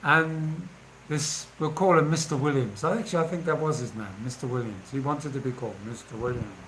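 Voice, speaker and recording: A man's voice: mid-range voice, brisk, fairly bright tone, a little hiss or hum, low-quality recording. A man, casually telling anecdotes and laughing as he goes. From England. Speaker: vlogger. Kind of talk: casual storytelling.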